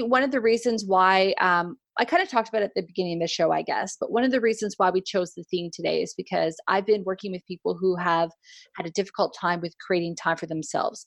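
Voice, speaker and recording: A woman hosting a podcast in a relaxed, conversational way. She moves from friendly chat into calm, reflective advice as she introduces the episode's theme. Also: on the low side, gravelly, no room sound, clean studio sound. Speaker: podcast host.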